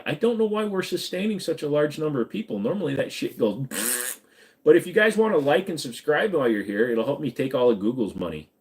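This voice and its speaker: A man's voice: a little high, very animated, fairly quick. A man hosting a live stream, chatting casually with viewers in a rambling, joking and profane way.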